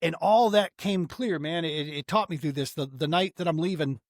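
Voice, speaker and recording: A man's voice: fairly high pitch, normal speed, no echo, studio quality. Earnest middle-aged man telling a story. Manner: earnest and emotional, many "man" and restarts. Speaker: podcast guest, outdoor therapy founder. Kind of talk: casual storytelling in a podcast interview.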